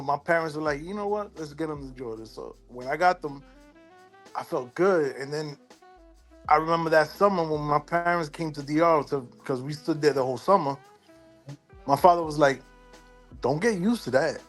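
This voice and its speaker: Male guest, New York with Dominican roots, slightly high pitch, animated storyteller, soft music bed. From New York, Dominican family. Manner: animated storyteller, acts out quotes. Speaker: interview guest, sneaker collector. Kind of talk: casual storytelling.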